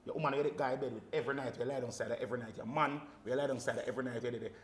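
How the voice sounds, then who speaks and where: A man's voice: mid-range voice, fairly even intonation, very fast, reverberant. A man with a Jamaican accent, a guest on a casual podcast, speaking emphatically and telling stories animatedly in patois. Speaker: guest, sound system selector.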